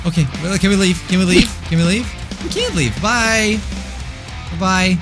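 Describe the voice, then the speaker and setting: Hyper jokey guy playing a game, high voice all over the place, faint music. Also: a little fast. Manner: excitable, jokey, frequent laughs. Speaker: gaming youtuber. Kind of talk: gameplay commentary.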